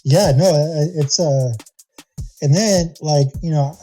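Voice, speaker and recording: A man's voice: on the high side, takes it slowly, dark tone, soft background music. A young man chatting as a guest musician, rambling and laughing loosely through his answers. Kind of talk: casual interview chat.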